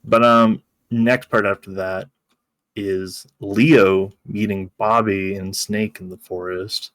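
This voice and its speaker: Man, podcast co-host, casual chat, low voice, dry recording, frequent laughter. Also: fairly even intonation, slow, fairly bright tone, no room sound. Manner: laughs while talking, acts out quotes.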